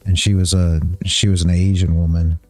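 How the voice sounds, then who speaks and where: A man's voice: low-pitched, little pitch movement, moderate pace, mellow, faint music behind. A tired man hosting a trading livestream, chatting casually, rambling and chuckling as he loses his train of thought. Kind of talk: casual chat.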